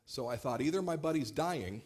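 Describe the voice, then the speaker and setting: A man, a pastor, preaching a sermon in a relaxed, storytelling way with light humor. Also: mid-range voice, brisk, slightly rough. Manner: conversational storytelling with warm humor.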